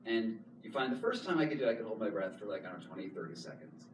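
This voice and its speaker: A man in his thirties telling a story in an animated talk, repeating words and laughing often as he goes. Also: lowish voice, racing. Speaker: author giving a talk. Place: public hall. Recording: echoey hall, distant mic, noise.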